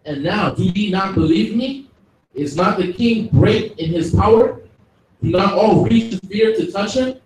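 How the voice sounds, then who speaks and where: Slow-reading man in an echoey hall. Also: high voice, animated, a little mellow. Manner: careful, halting reading with restarts. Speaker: scripture reader. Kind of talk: reading scripture aloud. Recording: echoey hall, mic far off.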